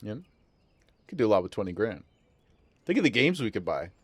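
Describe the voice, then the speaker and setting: A man's voice: fairly low pitch, big pitch swings, a little fast, husky, no echo. A man streaming a video game from home, joking and laughing a lot as he chats and reads the game's dialogue aloud. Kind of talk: casual live gameplay commentary.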